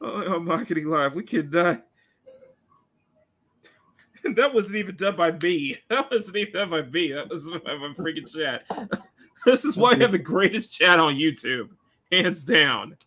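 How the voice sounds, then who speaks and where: Giggly high-voiced streamer man. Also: lively intonation, a little slow, pauses often, sharp tone, husky. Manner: giggly, laughs often, playful teasing. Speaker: livestream host. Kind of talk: casual livestream chat while drawing.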